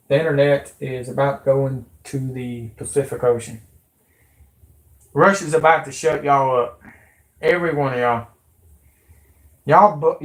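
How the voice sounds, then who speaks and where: A man's voice: on the high side, roomy sound. A man ranting to his viewers on a livestream, rambling and swearing freely, calling them folks and y'all. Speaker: conspiracy vlogger.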